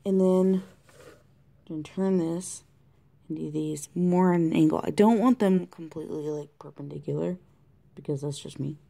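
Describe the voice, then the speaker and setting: A woman talking through a colored-pencil tutorial in a chatty way, thinking aloud and often dropping to a soft whisper. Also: low-pitched, moderate pace, gravelly. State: has the hiccups. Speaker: art tutorial host. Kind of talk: casual drawing tutorial narration. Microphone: camera mic close to the desk.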